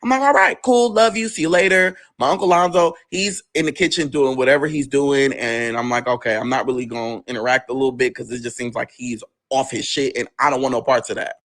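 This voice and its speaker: A man tells a painful story from his own life in plain, profane words. His voice sits at an ordinary pitch and jumps higher whenever he quotes the people in the story. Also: fairly even intonation, brisk, few pauses, fairly bright tone. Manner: candid, profane, quoting others in raised voices. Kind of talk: personal storytelling.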